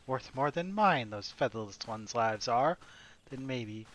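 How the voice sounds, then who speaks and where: A man's voice: medium pitch, animated, a little slow, fairly bright tone. Man doing a cringing birdman with twisted grammar. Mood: wheedling. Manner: backwards word order, wheedling. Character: cringing sly male birdman scout.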